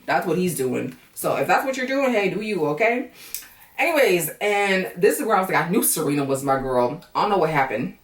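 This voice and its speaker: A woman with a low-set voice talks through a reality show recap for her viewers, animated and swearing freely. She is caught by a camera mic some distance off, in a room with a lot of echo. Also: a little fast. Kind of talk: casual profane commentary. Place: home room, camera on battery.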